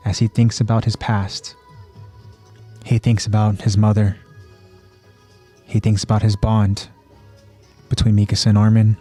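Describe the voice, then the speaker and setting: A man co-hosting a podcast, recapping an episode in plain storytelling with pauses and fillers. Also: fairly low pitch, dark tone. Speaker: podcast co-host.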